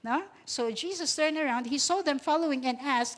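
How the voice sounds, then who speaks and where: A woman's voice: sits high, lively intonation, a little fast, few pauses. A woman pastor with a Filipino accent preaching a sermon, moving between Tagalog and English, laughing often and drawing out quoted lines.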